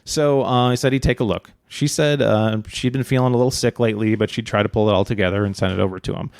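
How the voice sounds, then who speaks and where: A man co-hosting a podcast, telling a true-crime story in a relaxed, rambling way with many fillers and joking asides. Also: on the low side, fast, clean tone, dry recording, clean studio sound. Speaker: podcast co-host.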